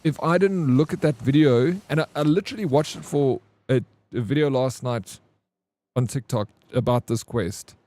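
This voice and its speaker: Laid-back gaming streamer. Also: male voice, mid-range voice, normal speed, dark tone. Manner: loose, rambling, talks to himself while playing, swears. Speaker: game streamer. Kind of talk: casual live gameplay commentary.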